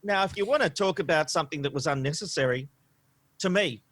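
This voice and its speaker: A man co-hosting a podcast, talking in an opinionated, animated way with frequent "you know" and "um". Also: fairly high pitch, fast, dry recording. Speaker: podcast co-host. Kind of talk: casual podcast discussion. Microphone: studio microphone.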